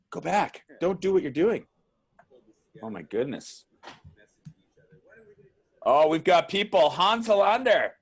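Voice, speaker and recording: A man hosting a casual live video chat, excitable and chatty with many fillers, speaking over a video call. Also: on the high side, slow, long pauses, breathy edge. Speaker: livestream host.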